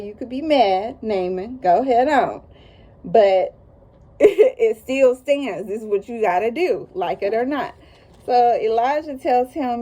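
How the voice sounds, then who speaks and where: A woman's voice: fairly high pitch, dark tone. Chatty woman teaching Bible stories. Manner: conversational, folksy asides and emphatic repetition; reads scripture aloud then comments. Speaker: Bible study host.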